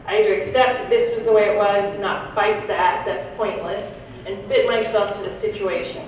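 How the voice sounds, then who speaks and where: Recorded from afar in an echoey conference hall, a woman speaker gives a candid, thoughtful talk, occasionally restarting her sentences. Her medium-pitched voice holds fairly even intonation at a normal speed, with a little hiss or hum in the audio.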